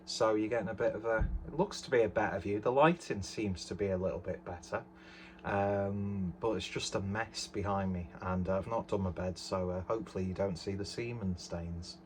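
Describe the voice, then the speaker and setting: A man's voice: lowish voice, moderate pace, darkish tone, slight background noise. A man chatting casually through a beer review at home, rambling with lots of fillers and self-deprecating asides. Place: bedroom at home. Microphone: camera on tripod.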